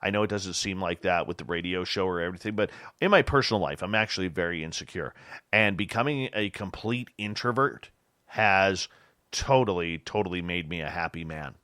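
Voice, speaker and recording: A man's voice: sits low, brisk, dry recording, clean studio sound. A man hosting a radio show, chatting casually and jokily with his guest, sometimes turning self-deprecating. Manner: jokey, animated, self-deprecating. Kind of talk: casual interview chat.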